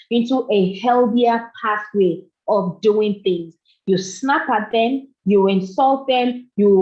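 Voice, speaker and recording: A woman's voice: a little high, a little mellow. Earnest middle-aged woman giving a talk. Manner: earnest, repeats phrases for emphasis. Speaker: speaker at a parenting summit. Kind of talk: motivational talk. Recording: dull lo-fi recording.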